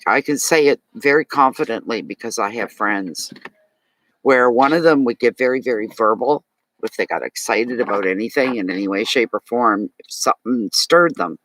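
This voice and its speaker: A man's voice: medium pitch, normal speed, a bit bright, rough recording. A man with a Maritime Canadian accent giving a live tarot reading, talking chattily and animatedly to his viewers and answering chat comments. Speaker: tarot reader.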